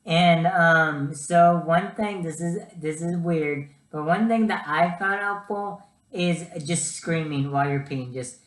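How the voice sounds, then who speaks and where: A man's voice: on the high side, takes it slowly, roomy sound, a little hiss or hum. A young man giving casual vlog advice, chatty and full of ums and uhs. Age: young adult. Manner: chatty, lots of ums and uhs, animated storytelling. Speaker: student vlogger.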